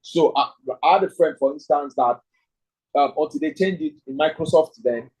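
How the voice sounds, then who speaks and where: Lecturing an online leadership class with audience questions, this man thinks out loud, keeps ending points with "right?" and reads participants' chat responses aloud. He sounds a little high, a little mellow and breathy, speaking at normal speed on a low-quality recording.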